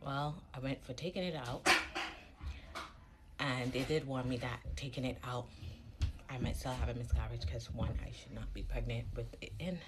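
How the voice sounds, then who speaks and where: A woman's voice: rumbling low, fairly even intonation, normal speed, background noise. A woman in her thirties telling a candid, reflective personal story in a casual vlog at home. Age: 30s. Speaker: vlogger.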